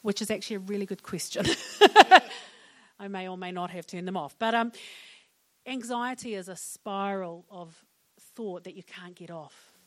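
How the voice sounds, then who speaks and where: A woman's voice: medium pitch, measured pace. A middle-aged woman with a New Zealand accent giving a humorous, chatty public talk on mental wellness to an audience. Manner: humorous and chatty, laughing at her own jokes.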